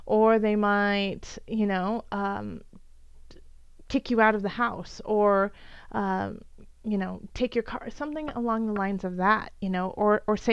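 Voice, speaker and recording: A woman's voice: fairly high pitch, fairly even intonation, measured pace, smooth, no room sound, highs cut off. Earnest, encouraging woman tarot reader. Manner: earnest, encouraging, many fillers and restarts. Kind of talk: tarot reading for the zodiac signs.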